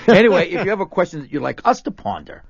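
A man's voice: high-pitched, very animated, fast talker, vocal fry, slightly rough, no room sound, lo-fi sound. A man co-hosting a call-in radio show, making dry, wry quips. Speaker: radio co-host. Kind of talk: joking radio banter.

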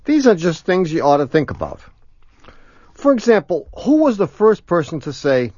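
A man's voice: a little high, sing-song, normal speed, darkish tone, husky, dry recording, dull audio. A man co-hosting a radio show, teasing and laughing constantly as he jokes. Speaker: radio co-host. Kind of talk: joking radio banter.

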